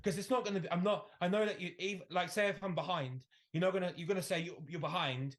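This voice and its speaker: A bodybuilder chats casually, teasing his friends and often stopping to restart his sentences. His voice sits slightly high. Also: fairly even intonation, quick pace. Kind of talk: casual chat.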